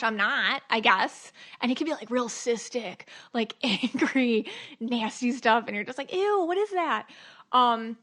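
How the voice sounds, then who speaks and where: A middle-aged woman hosts a casual spiritual podcast, chatting in a monologue peppered with "like" and "you know" and acting out her own inner questions. Her voice is fairly high, pushed, and bright.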